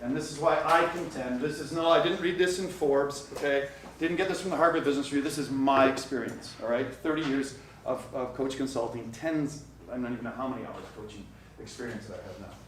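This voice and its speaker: A middle-aged man giving a motivational workshop talk to a live audience, animated and addressing the crowd directly. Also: medium pitch, a little fast. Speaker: coach and workshop speaker. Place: conference room with live audience. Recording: echoey room, distant mic, faint noise.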